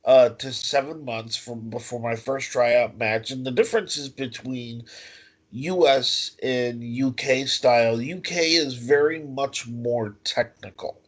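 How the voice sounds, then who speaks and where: A man, a professional wrestler, talking slowly and telling stories with many fillers over a video call. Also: mid-range voice. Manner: slow, storytelling, with fillers. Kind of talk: casual interview.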